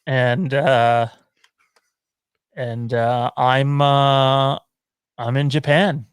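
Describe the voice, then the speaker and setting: A man's voice: medium pitch, level tone, very slow, smooth, no room sound, studio quality. A man co-hosting a casual streamed chat show, joking and laughing as he reads out the live chat. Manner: laid-back, jokey, often laughing. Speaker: podcast co-host.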